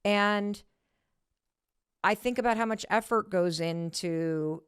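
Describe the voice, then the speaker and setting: A woman's voice: medium pitch, slow, pauses often, smooth, dry recording, clean studio sound. A middle-aged woman hosting a casual conversation, candid and self-deprecating, swearing freely as she talks things through. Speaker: podcast host.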